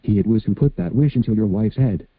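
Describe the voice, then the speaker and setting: A man's voice: fairly low pitch, fast, slightly rough, no room sound. A man voicing an enraged male genie of the lamp, scolding with wrath, on a dry, phone-like recording. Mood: wrathful. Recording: dry, phone-like narrow sound.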